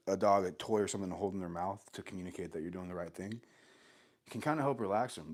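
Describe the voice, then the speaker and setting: A man with a stuffy nose who runs short of breath, explaining dog training casually and talking softly to the dog. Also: sits low. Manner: relaxed, talks softly to the dog between explanations.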